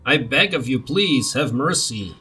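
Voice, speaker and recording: A man's voice: mid-range voice, lively intonation, a little slow, pushed and bright, slightly rough, full character voice. A frightened noblewoman begs for mercy in a pleading, raised voice, as a man reading a story game puts her on. Faint music sits underneath. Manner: begging, pleading.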